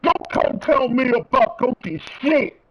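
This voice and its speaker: Man ranting, high-pitched and profane. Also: animated, measured pace, slightly rough, lo-fi sound. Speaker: streamer. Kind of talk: angry rant.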